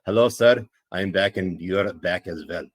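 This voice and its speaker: A man's voice: low voice, normal speed. A man putting on a polite Pakistani-accented gent. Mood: playful. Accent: Pakistani, put on. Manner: polite, keeps saying sir. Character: comic man with a put-on Pakistani accent, formal. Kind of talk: comic impression on a livestream.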